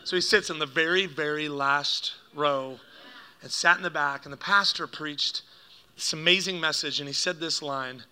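A man preaching a sermon to a congregation, telling a family story with lively acted-out quotes and laughter at his own jokes. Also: fairly high pitch, moderate pace, clean tone. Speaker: pastor.

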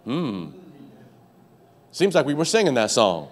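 This male pastor speaks at a measured pace with long pauses and big swings in pitch. His sermon story is full of stammered restarts, and he shoots up high in pitch to play out its scenes.

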